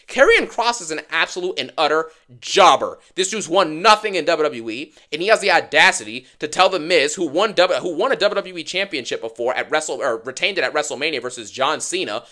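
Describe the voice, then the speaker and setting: A man hosting a wrestling review channel, ranting fast and dismissively about last night's show. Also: on the high side, lively intonation, pushed and bright. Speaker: wrestling YouTuber.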